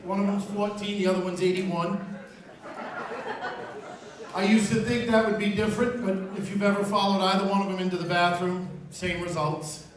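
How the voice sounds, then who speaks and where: A man's voice: high-pitched, fairly even intonation, normal speed. A man doing a dry stand-up set in a small pub, teasing the crowd. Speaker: stand-up comedian. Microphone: far handheld camera. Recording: echoey pub from a far camera.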